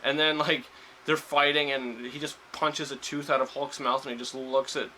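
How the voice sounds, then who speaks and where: A man's voice: medium pitch, little pitch movement, moderate pace, bright, forceful tone, a little hiss or hum, low-quality recording. A man giving a casual spoiler review of a film, rambling with lots of fillers and restarts. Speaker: movie reviewer.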